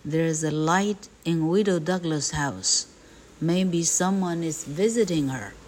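A woman reading the lines of a menacing grown male outlaw in a storybook, speaking low and threatening. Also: animated, measured pace, a little mellow, a little hiss or hum. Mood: grim.

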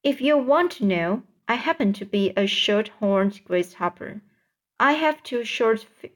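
A woman's voice: medium pitch, lightly acted. A woman reading a storybook aloud and voicing a kindly, proud old male grasshopper who lectures fussily and trips over words. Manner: fussy, lecturing, stumbles on words.

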